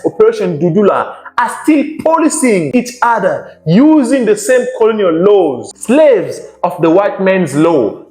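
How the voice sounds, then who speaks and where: A man's voice: sits high, darkish tone. A man hosting an opinion commentary, talking emphatically and repeating his points for effect, like a lecture. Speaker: commentary channel host. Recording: roomy echo with faint music behind.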